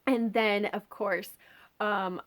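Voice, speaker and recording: A woman's voice: mid-range voice, fairly even intonation, slow pace. A woman reviewing a book in a casual, chatty, enthusiastic way, full of filler words. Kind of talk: casual chat.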